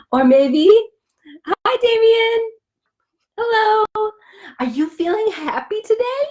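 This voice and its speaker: A young woman hosting a children's story time, speaking in a slow, sing-song, exaggerated way for young kids. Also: very high voice, sing-song. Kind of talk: children's sing-along lesson.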